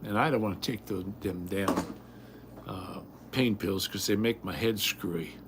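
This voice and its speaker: Older guy ranting on a home livestream, low gravelly voice, bit of hiss behind. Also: unhurried. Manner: rambling, blunt, repeats himself. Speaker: livestream host. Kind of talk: casual livestream rant.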